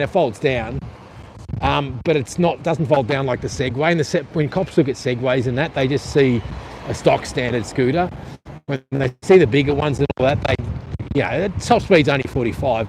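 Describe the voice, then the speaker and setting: A man with an Australian accent from the east of the country, chatting casually on a live stream while riding a coastal path, rambling and blunt with casual swearing. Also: medium pitch. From eastern Australia. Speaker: vlogger. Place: outdoors on a coastal bike path. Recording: outdoor wind and traffic noise.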